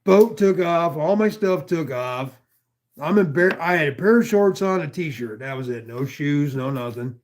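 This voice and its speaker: A man from northwestern Pennsylvania spins a long, rambling story in a fairly high voice. He swears freely and keeps drifting into side remarks. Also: lively intonation, a little slow, a little hiss or hum. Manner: rambling and profane, with many asides. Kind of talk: casual chat, telling a long story.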